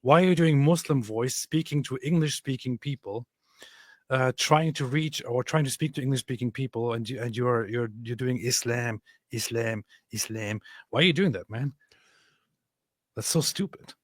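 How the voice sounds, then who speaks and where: A man's voice: mid-range voice, moderate pace, no echo, studio quality. A man co-hosting a casual reaction stream, talking in exasperated, mocking complaints. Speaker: stream co-host.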